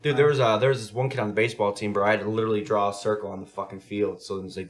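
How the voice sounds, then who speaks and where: A man telling coaching stories in a casual, profane podcast chat, animated and swearing often. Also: lowish voice, rapid-fire, few pauses. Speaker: podcast host; youth sports coach.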